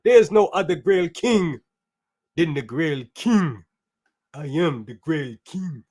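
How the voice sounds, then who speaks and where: A man playing a pompous self-crowned Grail King, making slow, grand proclamations in a put-on accent. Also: fairly high pitch, animated, a little mellow, slightly rough, exaggerated voice. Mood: grandiose.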